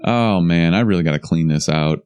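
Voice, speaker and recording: A man's voice: low-pitched, fairly quick, darkish tone, clear, resonant tone. A young man co-hosting a podcast in casual chat, joking wryly with a dry, sarcastic edge. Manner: wry, joking, a little sarcastic. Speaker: podcast co-host.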